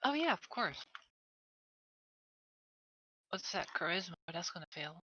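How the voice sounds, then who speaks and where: A woman playing a tabletop game, speaking quietly and hesitantly. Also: fairly low pitch, sing-song, a little slow, breathy edge, highs cut off. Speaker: player. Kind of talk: casual talk at a game table.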